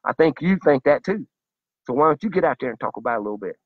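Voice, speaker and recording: A man's voice: medium pitch, expressive, quick pace, breathy edge, no room sound, phone-quality sound. A man delivering a fired-up, profane, preachy monologue to his viewers. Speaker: vlogger. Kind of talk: impassioned monologue to camera.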